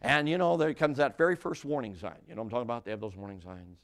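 An older male preacher delivers a sermon with a humorous personal story, his voice swinging up and down with lively expression. He talks straight to the congregation, tossing them questions and starting his sentences over as he goes. His pitch sits in the middle of the male range. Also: racing, hardly any pauses. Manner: animated, audience-engaging, frequent restarts and asides. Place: church before a congregation.

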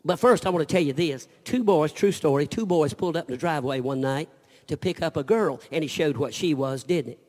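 A man preaching a fiery revival sermon, swinging from loud preaching to hushed storytelling. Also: on the high side, brisk, in a large hall. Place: church sanctuary.

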